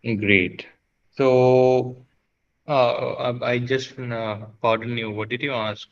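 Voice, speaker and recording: A man's voice: medium pitch, fairly even intonation, slow pace. A man, a student, introducing himself in an online class, hesitant and full of uhs and restarts, heard over a video call. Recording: muffled video call audio.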